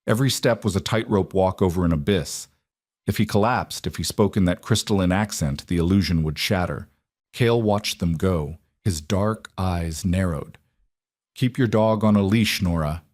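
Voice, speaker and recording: A man reading a historical romance audiobook with measured, dramatic storytelling. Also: deep voice, darkish tone, no room sound, studio quality. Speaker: narrator. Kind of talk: audiobook narration.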